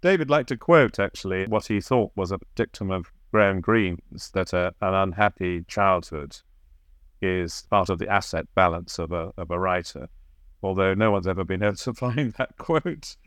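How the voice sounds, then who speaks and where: A man's voice: low voice, normal speed, fairly bright tone, no echo, studio quality. A man being interviewed as the author of a biography, answering reflectively and sometimes searching for the right word.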